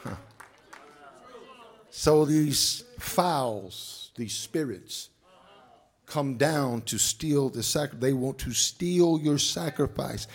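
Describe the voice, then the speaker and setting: A male pastor preaching a sermon, swinging from low murmurs to shouts and calling out to the congregation. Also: drawn-out words, long pauses, slightly rough. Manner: calls out to the congregation.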